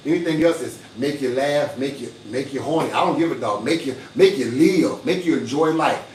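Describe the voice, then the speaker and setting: A man's voice: mid-range voice, a little fast, a little mellow, recorded from a distance, slight background noise. An older man hosting a casual livestream, boastful and hustling, with a preachy streak. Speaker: livestream host. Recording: echoey room, off-mic.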